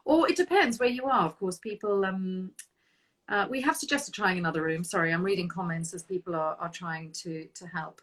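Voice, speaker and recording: A woman hosting a live-streamed video-call interview, chatty and quick to laugh. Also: lowish voice, a bit bright. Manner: chatty, laughs often, reads viewer comments aloud. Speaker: host.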